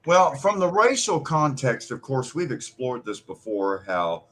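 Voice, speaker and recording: A man's voice: mid-range voice, very animated, a little slow, fairly bright tone. A man from the United States in heated political talk, impassioned and emphatic, swearing freely.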